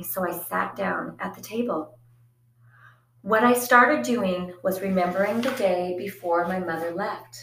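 A woman reads a first-person story aloud in a quiet, reflective way, her voice sitting in a middle register. The recording carries a noticeable echo from the room. Her storytelling stays even and unhurried. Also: medium pitch. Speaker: audiobook narrator. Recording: echoey room.

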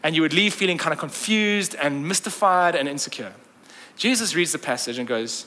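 Bright-voiced man preaching in a big hall. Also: a little high, moderate pace. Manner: lively, conversational retelling with jokes and asides. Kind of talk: storytelling sermon. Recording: long reverb of a large hall.

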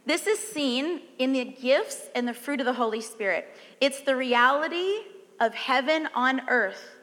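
Woman preacher with a Southern accent, high and bright, chatty, asks the room questions. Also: a little slow, long reverb tail. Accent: Southern American. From Southern United States. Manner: animated, conversational, asks the audience questions. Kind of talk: sermon.

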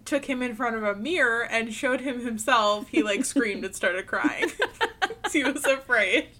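A woman's voice: on the high side, measured pace, bright, forceful tone. A young woman co-hosting a podcast in casual chat, chatty and playful with lots of filler words. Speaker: podcast co-host.

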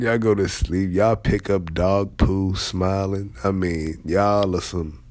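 A man's voice: low voice, steady tone, takes it slowly, a little mellow, no room sound. A man giving a conversational motivational talk to leaders, emphatic and repeating key phrases. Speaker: motivational speaker.

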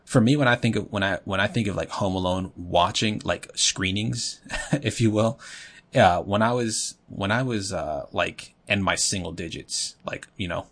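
A man's voice: deep voice, moderate pace, fairly bright tone. A man co-hosting a podcast in casual chat, telling rambling stories full of fillers. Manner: rambling storyteller, heavy on fillers. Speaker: podcast co-host.

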